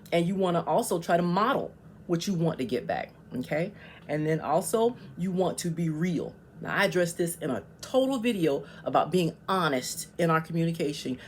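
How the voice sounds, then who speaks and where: A woman's voice: on the low side, a little mellow, a little hiss or hum. A woman vlogger giving casual, emphatic advice on communication, often checking in with "okay?".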